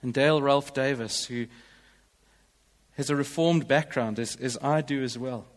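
A man's voice: medium pitch, a little slow, long reverb tail. A male pastor delivering a sermon in a church, in an earnest, emphatic way.

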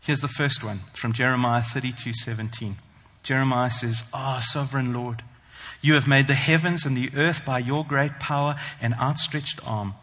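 A man preaching a sermon, earnest and emphatic, slowing down to stress the scripture he reads. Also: medium pitch, fairly even intonation, fairly bright tone. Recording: long hall reverb.

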